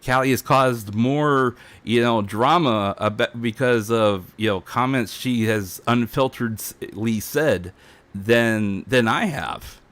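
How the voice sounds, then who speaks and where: A man's voice: mid-range voice, slow pace, fairly bright tone. A man streaming a defiant, heated rant, repeating himself as he talks. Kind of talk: ranting livestream monologue.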